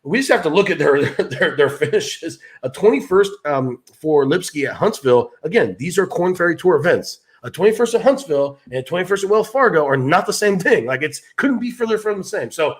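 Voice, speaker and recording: A man's voice: on the high side, animated. A man talking golf betting picks in casual podcast chat, emphatic and stumbling over repeated words. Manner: quick, stammering repeats, emphatic.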